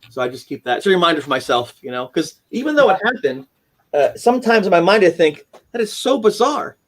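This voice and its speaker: On a casual live-stream interview, the guest, a man in his forties who wrote a haunting memoir, speaks fast in an expressive, somewhat high voice. His storytelling is earnest but rambling, full of restarts. He's calling in by video from a room at home decorated with keepsakes.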